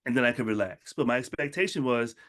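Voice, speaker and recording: A man giving a casual motivational talk, telling personal stories and acting out the people in them with lively changes of voice. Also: medium pitch, fast talker. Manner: storytelling, acts out quotes in animated voices. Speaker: motivational speaker.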